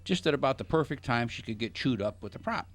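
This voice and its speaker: A man's voice: mid-range voice, expressive, fast talker. A middle-aged man hosting a radio talk show, telling a long joking anecdote in casual chat. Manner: jokey anecdotal storyteller. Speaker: radio show host, financial advisor.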